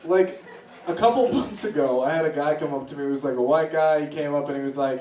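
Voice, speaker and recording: Man comic, higher voice, storytelling bits, heard from a distance in a roomy venue. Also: quick pace, slight background noise. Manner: animated, voices swing high when acting out reactions. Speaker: stand-up comedian. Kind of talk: stand-up storytelling. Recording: echoey room from a distance.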